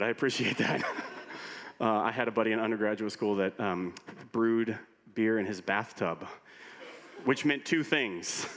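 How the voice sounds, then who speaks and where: A man preaching as a pastor, telling stories with humor in an animated way. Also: fairly low pitch. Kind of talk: sermon. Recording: long reverb of a large hall.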